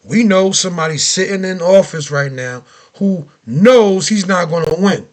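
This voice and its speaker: High-voiced man ranting in a reaction video. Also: moderate pace. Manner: animated, ranting, repeats himself, rhetorical questions. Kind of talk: heated political reaction commentary.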